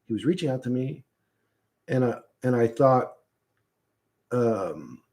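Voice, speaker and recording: Man, casual rambling monologue, loose and halting, swears a lot, keeps trailing off and restarting. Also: medium pitch, sing-song, a little mellow. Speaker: streamer recounting a vision.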